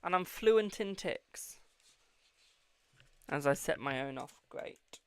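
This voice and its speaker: British accent, gravelly voice, casual live-stream reading, chatty, profane, affectionate with viewers. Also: medium pitch, animated, takes it slowly, a bit bright. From United Kingdom. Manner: chatty, swears freely, calls viewers "my darling". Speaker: tarot reader hosting a live stream.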